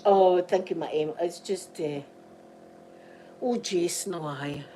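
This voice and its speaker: A Scottish woman speaks slowly in a fairly low, dark voice as she chats with viewers from home by a window, laughing often between rambling stories. The vlog's recording is rough, with slight background noise.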